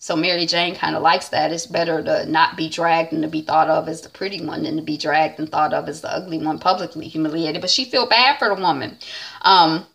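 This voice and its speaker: A woman's voice: sits low, steady tone, fairly quick, vocal fry, fairly bright tone. A middle-aged woman chatting casually through a TV episode recap, full of fillers like um and you know. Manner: chatty, acts out scenes with many fillers. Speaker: TV recap vlogger.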